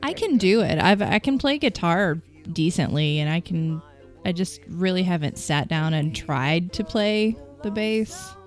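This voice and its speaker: Woman chatting slow and easy, laughs a lot, bit of music under it. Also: lowish voice, lively intonation. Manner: laughs often, jokey and candid. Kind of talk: casual chat.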